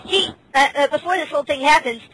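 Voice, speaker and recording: A woman's voice: high voice, fast, a bit bright, poor audio. A woman hosting a casual podcast chat, ranting with lots of swearing and stammered restarts. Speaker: podcast host.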